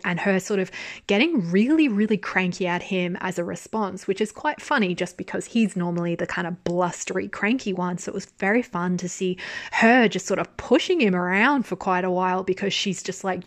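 A woman's voice: mid-range voice, brisk. Chatty woman reviewing a drama. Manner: chatty and candid, casual swearing, frequent "like" fillers. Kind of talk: casual review chat.

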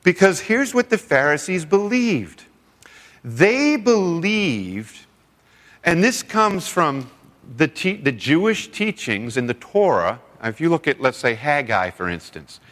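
A man's voice: on the high side, slow pace. A man preaching a sermon to a seminar audience, telling stories and acting out quoted voices. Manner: animated storytelling with acted-out quotes. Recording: long hall reverb.

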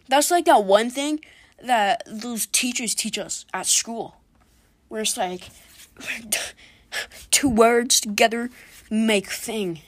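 A woman's voice: mid-range voice, no room sound. Woman, solo comedy podcaster, sarcastic and sweary, dry close sound. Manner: sarcastic, profane, jokey. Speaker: podcast host. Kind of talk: casual comedic monologue.

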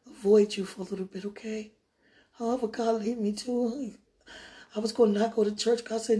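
A woman lying in bed, praying aloud in a moaning, pleading way, drifting between hushed whispers and loud protests. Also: mid-range voice, flat delivery, normal speed. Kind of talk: emotional spoken prayer monologue.

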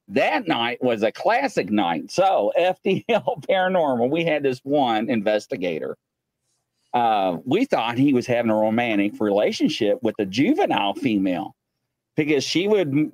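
A man's voice: medium pitch, no room sound. A man hosting a paranormal talk show, telling a story in casual chat, laughing as he goes and acting out the quotes. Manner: animated storyteller, laughs mid-sentence, acts out quotes.

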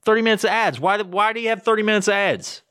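A man's voice: high-pitched, fast, pushed and bright, clean tone, no room sound, clean studio sound. A man hosting his own podcast, rambling through sponsor plugs in a crude, swear-heavy casual monologue. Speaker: podcast host.

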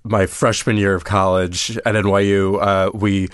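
A man's voice: low-pitched, level tone, a little slow, clear, resonant tone, no room sound, studio quality. A man chatting casually, reacting and then telling a story. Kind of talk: casual chat.

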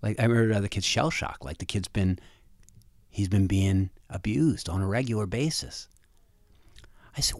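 A man telling a personal story in a halting way, often restarting and repeating words, and often quiet and low. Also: dry recording, studio quality.

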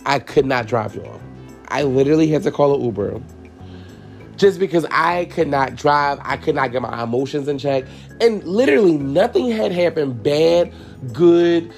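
A man's voice: a little high, gravelly, a little mellow. A man hosting a podcast, telling a personal story in a candid, profane, casual way and talking straight to his listeners. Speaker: podcast host and hairstylist.

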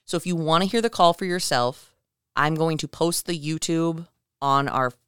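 Smooth-voiced woman podcast host. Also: deep voice, moderate pace, dry recording, studio quality. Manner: animated retelling, acts out quotes. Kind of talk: casual storytelling chat.

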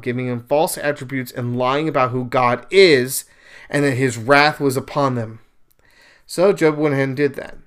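A man hosting a podcast, casually retelling a scripture story and giving his views, emphatic and chatty with asides. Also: mid-range voice. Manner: animated, emphatic, acts out quoted speakers; conversational with fillers and asides. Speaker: podcast host. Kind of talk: casual retelling and religious commentary.

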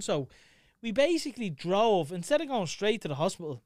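Young dublin guy telling a story, cursing a lot, kinda high voice, dry sound. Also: brisk, dry recording. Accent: Dublin Irish. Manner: swearing, animated retelling. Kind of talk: casual storytelling chat.

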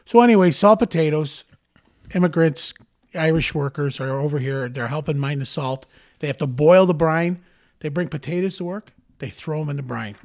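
A man co-hosting a casual talk show, telling stories and cracking jokes. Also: a little high. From Central New York. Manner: joking, storytelling, lively. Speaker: co-host. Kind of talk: casual chat.

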